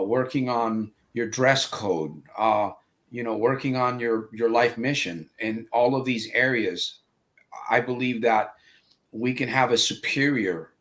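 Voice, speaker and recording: A man's voice: mid-range voice, a bit bright. A man hosting a live interview show, speaking in a motivational way with lots of fillers. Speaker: host.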